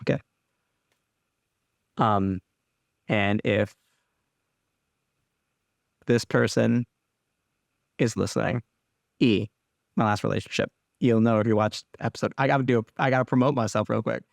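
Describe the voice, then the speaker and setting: A man speaking A soft-spoken, halting young man confiding on his podcast. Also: fairly low pitch, steady tone, vocal fry, no room sound, studio quality. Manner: rambling, halting, restarts often; blunt, swears casually. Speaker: podcast host. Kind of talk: candid personal podcast monologue.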